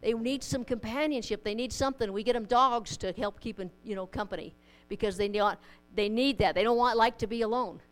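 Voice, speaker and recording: Smooth-voiced woman preaching a sermon. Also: fairly high pitch, brisk, hardly any pauses, faint music behind, low-quality recording. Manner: conversational, with homely anecdotes and humor. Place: church in front of a congregation.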